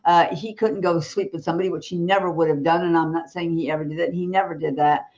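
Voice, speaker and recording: A woman's voice: on the low side, steady tone, fast talker, a little mellow, highs cut off. A woman guest on a Christian talk show, speaking bluntly and emphatically about prayer and sin, laughing between her points. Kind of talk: blunt preaching-style talk.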